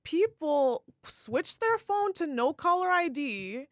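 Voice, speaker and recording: A woman's voice: sits high, sing-song, slow, dry recording, studio quality. A young woman chatting casually on a podcast. She laughs often and trails off mid-sentence. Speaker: podcast co-host. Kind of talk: casual chat.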